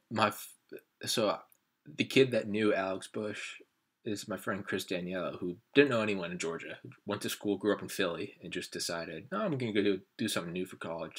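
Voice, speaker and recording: A young man co-hosting a casual podcast, rambling through anecdotes and acting out what his friends said. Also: low voice. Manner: rambling storyteller who acts out friends' lines. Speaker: podcast co-host. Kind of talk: casual chat.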